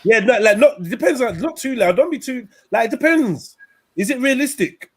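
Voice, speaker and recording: A young man hosts a crude, joking chat show, speaking briskly with no echo. He tells stories boisterously with animated swings in pitch, trading rough casual banter.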